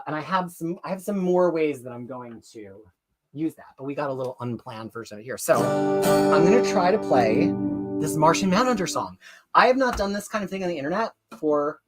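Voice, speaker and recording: A live-stream host chatting casually and reading viewer comments aloud, excitable and rambling, often correcting themselves mid-sentence. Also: mid-range voice.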